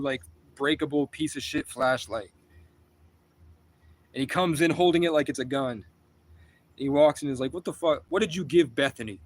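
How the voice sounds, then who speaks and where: A man's voice: mid-range voice, poor audio. A man on a live stream telling a personal story in a rambling, intense and profane way.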